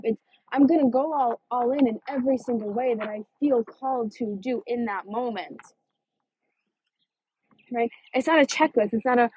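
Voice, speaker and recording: Woman business coach, higher husky voice, dry close sound; blunt, profane, punchy. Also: mellow, dry recording, dull audio. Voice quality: swears freely, emphatic. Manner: fast, punchy delivery with sudden stresses. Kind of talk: casual motivational monologue.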